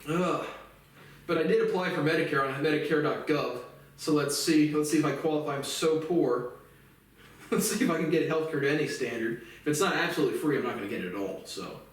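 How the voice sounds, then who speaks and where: A man's voice: a little high, fast talker. A man talking alone on his show in a casual, rambling monologue, blunt and full of swearing. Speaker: podcast host. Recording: echoey room, mic at a distance.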